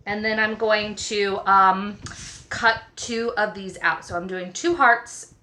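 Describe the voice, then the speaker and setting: A woman art teacher walking through a craft project step by step, gentle and reassuring. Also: medium pitch, fairly even intonation, slow pace, a little hiss or hum. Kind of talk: craft tutorial.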